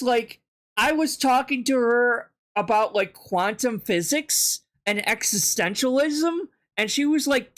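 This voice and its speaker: Casual podcast host, filler-heavy, giggly, mid-pitched. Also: a bit bright. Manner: fillers of "like", laughs often. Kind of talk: casual chat. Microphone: voice call.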